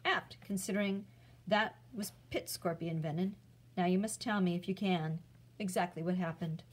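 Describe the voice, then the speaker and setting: A woman's voice: on the low side, fairly even intonation, moderate pace, a little hiss or hum, lightly acted. A woman voicing Chiron, a weary old centaur. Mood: measured. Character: weary wise old male centaur teacher. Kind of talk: storybook read-aloud.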